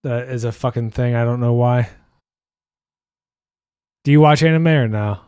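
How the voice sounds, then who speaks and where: A man hosting a casual podcast while gaming, blunt and quick to swear, reading out viewer chat. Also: mid-range voice, darkish tone, smooth, no echo, studio quality. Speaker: podcast host and streamer.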